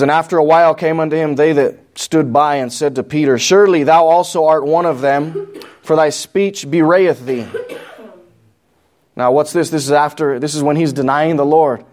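The voice is a little high with a darkish tone: an adult pastor with a New Mexican accent teaching a Bible study sermon. He reads passages of scripture aloud and explains them plainly, asking questions of the congregation.

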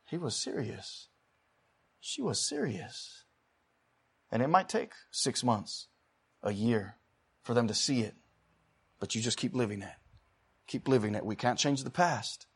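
A man preaching a sermon. He swings between loud, fervent exhortation and quiet, chatty storytelling, and he calls out to the congregation for responses. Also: fairly low pitch, breathy edge.

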